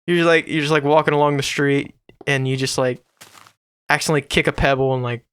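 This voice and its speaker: A man's voice: a little high, steady tone, fast talker, a bit bright, a little hiss or hum. A man hosting his own gaming channel, giving casual, rambling, jokey commentary to himself while he builds in a game.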